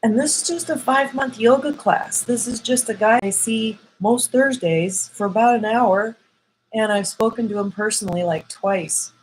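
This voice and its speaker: A woman's voice: fairly high pitch, moderate pace, a little hiss or hum, poor audio. A woman vlogger telling an emotional personal story to camera, acting out the voices of people she quotes.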